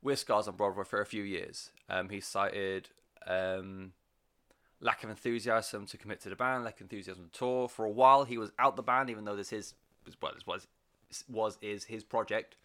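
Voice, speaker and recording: A man's voice: fairly low pitch, steady tone, normal speed, bright, forceful tone. A man giving a casual, enthusiastic music review, rambling with plenty of fillers and swearing. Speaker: album reviewer.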